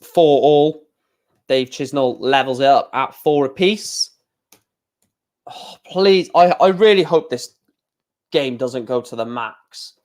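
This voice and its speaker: A man's voice: mid-range voice, slow, pauses often, darkish tone. Chatty man commentating live darts. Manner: chatty, opinionated, grumbling asides. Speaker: livestream watchalong host.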